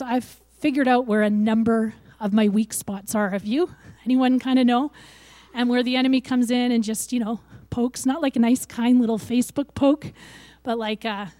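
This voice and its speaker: An older woman giving a sermon, lively and acting out the voices she quotes. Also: on the high side, no echo. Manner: animated, acts out quoted voices. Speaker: preacher.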